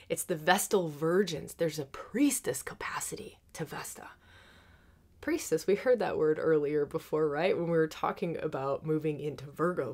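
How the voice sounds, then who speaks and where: A woman hosting an astrology forecast, talking fast and excitedly, laughing often and dropping into soft whispers. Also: deep voice. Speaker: astrologer and podcast host.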